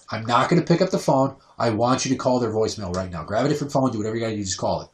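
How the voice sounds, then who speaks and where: A man in his thirties hosts a podcast, casually spinning stories and performing others' voices. He talks fast at a medium pitch, sounding distant from the mic in a roomy recording.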